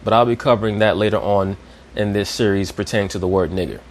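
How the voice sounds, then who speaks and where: A man's voice: fairly low pitch, fairly even intonation, quick pace. A man giving a lecturing commentary, didactic and checking in with his listeners. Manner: didactic, repeats "you understand?".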